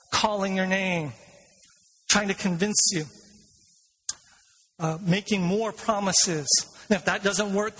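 A male pastor preaching a sermon in a church, asking the congregation questions and telling stories in a lively way. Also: sits high, slightly rough. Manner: retells a film scene with lively storytelling. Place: church sanctuary. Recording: long reverb of a large hall.

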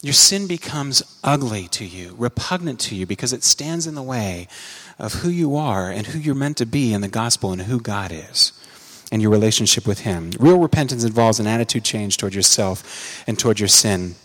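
A man preaching a sermon, earnest, climbing to emphatic peaks and dropping low for quiet asides. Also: expressive, normal speed, long reverb tail. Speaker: pastor.

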